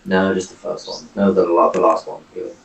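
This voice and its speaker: A man playing in a tabletop game, chatty and expressive, swearing and joking freely. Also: deep voice, brisk, gravelly, distant mic, slight background noise. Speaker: player. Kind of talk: casual tabletop play. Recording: echoey room, away from the mic.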